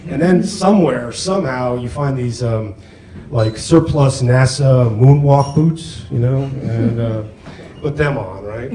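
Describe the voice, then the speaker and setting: A middle-aged man does stand-up at a comedy club, speaking into a handheld mic. He talks haltingly and self-deprecatingly, with lots of fillers. His voice echoes through the room over clear room noise. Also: mid-range voice, mellow. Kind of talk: stand-up routine.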